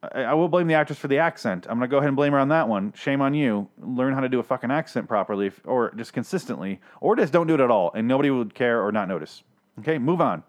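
A man's voice: mid-range voice, fast talker. A man hosting a casual TV episode recap, rambling, profane and opinionated as he talks. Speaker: podcast host.

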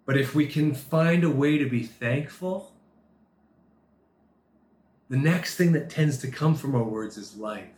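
A man's voice: medium pitch, a little slow, pauses often, a little mellow. Earnest preaching man, roomy echo. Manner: earnest, retells dialogue with shifting emphasis. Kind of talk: sermon with storytelling. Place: Turkey.

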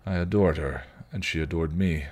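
Man reading as a bitter, short-fused male vampire with a deep, snarling delivery. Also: moderate pace, a little mellow. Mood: wistful. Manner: snarling, ranting. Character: volatile bitter male vampire, hot-tempered.

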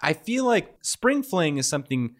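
A man from Kentucky co-hosting a casual podcast chat, joking around and dropping into quick silly voices. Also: fairly high pitch, very animated. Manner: jokey, puts on silly voices in quick bits. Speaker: podcast co-host.

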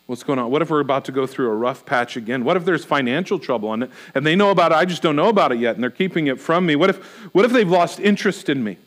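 A middle-aged male pastor with a noticeably high voice delivers a sermon. He speaks earnestly and voices anxious rhetorical questions as though thinking them aloud. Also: expressive, fast talker, few pauses, a bit bright.

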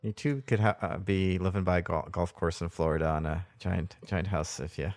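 A man's voice: low-pitched, steady tone, brisk, a little mellow. A man in his thirties, a young father hosting a podcast, talking in a rambling way full of restarts. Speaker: podcast host. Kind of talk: casual chat.

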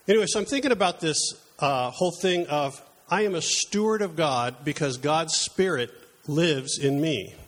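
A man's voice: on the high side, normal speed, few pauses. A middle-aged man preaching a conversational sermon, telling personal stories in a chatty, self-deprecating way.

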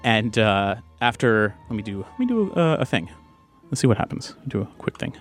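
A man's voice: lowish voice, very animated, normal speed, faint music behind. Casual man running a tabletop game. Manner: casual, hesitant, filler-heavy. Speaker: game master.

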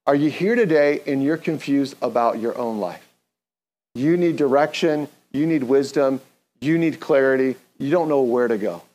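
A man's voice: medium pitch, moderate pace, darkish tone. Earnest man preaching a sermon. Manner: earnest, conversational preaching with call-and-response. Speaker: pastor.

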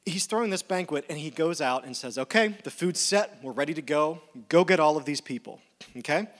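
A man preaching a sermon in a relaxed, conversational tone. He slips into lively acted-out dialogue as he retells a story, and his pitch sits in a middle range. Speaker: pastor.

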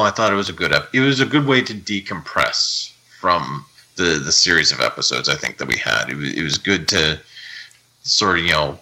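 A Canadian man hosting a podcast, chatting casually and reading out news in a relaxed, rambling way with many fillers. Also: deep voice, poor audio. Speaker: podcast host.

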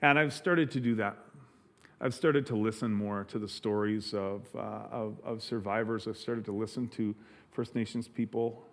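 A middle-aged man preaching a sermon, earnest and halting, often restarting his sentences. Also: lowish voice, steady tone. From Canada. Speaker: pastor.

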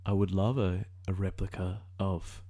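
A man's voice: low-pitched, level tone, normal speed, creaky, mellow. A man in his twenties with an Australian accent, rambling through casual reaction commentary and thinking aloud, often correcting himself mid-sentence. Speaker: video reactor.

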